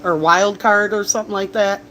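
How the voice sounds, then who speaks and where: A woman's voice: mid-range voice, steady tone, moderate pace, bright, forceful tone, slight background noise. A woman chatting casually on a livestream from a bar, rambling through stories with laughs and coughs. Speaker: livestreamer and bartender. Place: bar, indoors.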